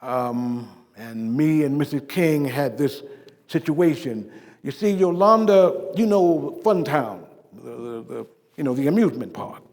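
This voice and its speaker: A man playing a dignified civil rights preacher, telling his life story in a first-person stage monologue, with measured oratory that swells emphatically and drops to a hush. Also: medium pitch, animated, big-room sound. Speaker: living-history performer. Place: stage performance.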